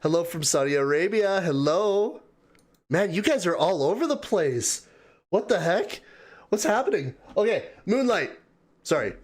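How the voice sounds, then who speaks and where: Male livestream host, slow and easygoing, slightly high voice, reads comments aloud and laughs a lot. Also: very animated. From Canada. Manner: chatty, laughs often, greets viewers one by one. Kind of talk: casual live chat reading viewer comments.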